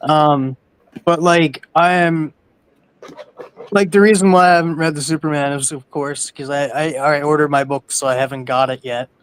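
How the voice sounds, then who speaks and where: A man's voice: on the high side, steady tone, moderate pace, clean tone. A man from Canada chatting about comics, rambling with lots of fillers. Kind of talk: casual chat on a livestream.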